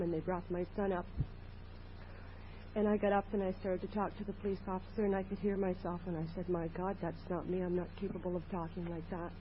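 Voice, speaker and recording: A woman tells her story at a recovery meeting, earnest and plain in her telling. The recording is muffled, with a faint hiss from an old 1980s tape. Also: mid-range voice. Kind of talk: personal sharing at a meeting.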